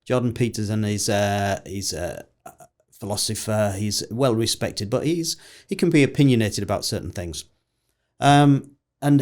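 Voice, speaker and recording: A man hosting a podcast interview, asking questions in a measured, rambling way with hesitations. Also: fairly low pitch, darkish tone. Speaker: podcast host.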